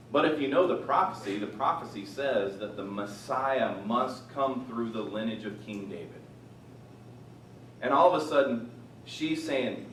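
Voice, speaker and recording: A man teaching scripture with a lively, up-and-down delivery, loud on quotes and hushed on asides. His voice sits fairly low and comes from some way off the mic in a roomy, echoing space with faint ambience. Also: distant mic, slight background noise. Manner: animated, rising loud on quoted lines, dropping quiet for asides. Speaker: Bible teacher. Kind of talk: teaching on a Bible passage.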